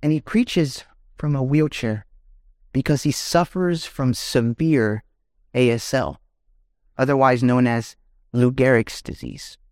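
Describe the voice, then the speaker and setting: A man's voice: mid-range voice, takes it slowly, darkish tone, dry recording, clean studio sound. A man preaching a sermon as pastor, reading scripture and rising to emphatic questions.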